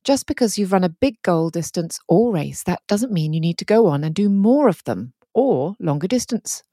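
A woman's voice: on the low side, animated, moderate pace, mellow, no echo, studio quality. A woman co-hosting a podcast, chatting casually and telling stories with frequent laughter. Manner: giggly, chatty storyteller. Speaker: podcast host. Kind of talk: casual chat.

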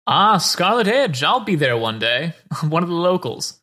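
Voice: medium pitch, very animated, normal speed, pushed and bright. A player voicing a chipper curiosity shopkeeper. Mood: genteel. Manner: formal, genteel salesman talk. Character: eccentric male curiosity shopkeeper, cheerful and proud.

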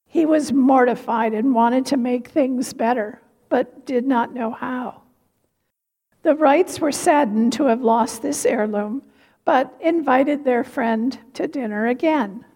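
A woman giving a sermon, telling a story slowly and reflectively. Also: sits high, mellow. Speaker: preacher. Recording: reverberant hall.

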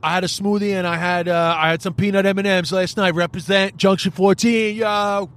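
An Irish man hosting a podcast, ranting in a profane, rambling, animated comic style. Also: high voice, brisk. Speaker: podcast host. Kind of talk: solo comedic podcast rant.

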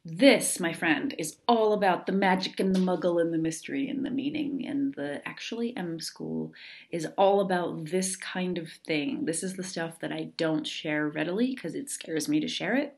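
A woman hosting her own podcast in a casual monologue, candid and earnest, swearing freely as she chats. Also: lowish voice. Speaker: podcast host.

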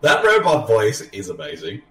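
A man with a lowish voice and a lively, swinging pitch hosts a relaxed movie commentary. He chats, laughs easily and fills the gaps with ums. He sounds set back from the mic in a roomy space with faint music behind. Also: moderate pace, distant mic. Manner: chatty, laughs often, trails off with um and uh. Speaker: podcast host.

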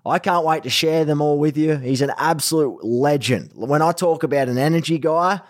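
A young man with an Australian accent hosting a casual podcast interview, energetic and chatty with plenty of slang. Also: a little high, moderate pace. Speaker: podcast host. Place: Los Angeles.

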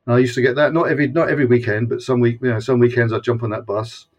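A man's voice: mid-range voice, steady tone, racing. A Scottish man in his sixties, a guest on a video-call interview, talking in a rambling, casual way with frequent restarts. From Scotland. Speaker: guest, former punk fanzine editor.

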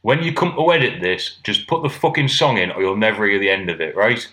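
British bloke on a podcast, dry teasing humor, echoey room. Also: male voice, lowish voice, brisk, sharp tone. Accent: British English. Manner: dry, teasing, swears casually. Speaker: podcast co-host and editor. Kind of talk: casual chat.

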